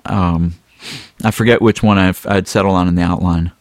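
A man co-hosting a casual podcast, reading listener emails aloud with a relaxed, chuckling manner. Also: low voice, normal speed, no room sound, clean studio sound. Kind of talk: casual chat.

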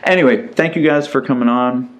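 A middle-aged man co-hosting a podcast in casual chat, relaxed and rambling, with many fillers and restarts. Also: mid-range voice, brisk, background noise. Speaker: podcast co-host.

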